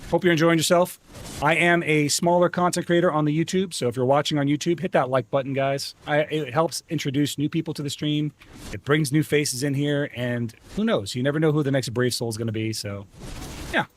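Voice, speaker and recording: A man's voice: a little high, brisk. A man streaming games, chatting casually with his viewers, rambling and laughing often. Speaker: gaming streamer. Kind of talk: casual livestream chat.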